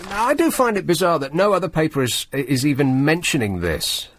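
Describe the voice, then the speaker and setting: A man's voice: on the high side, big pitch swings, a little fast, a bit bright, a little hiss or hum. A male radio host in a studio, reading a newspaper story aloud with sarcastic, wry asides. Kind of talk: late-night radio talk, reading the paper aloud. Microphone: studio microphone.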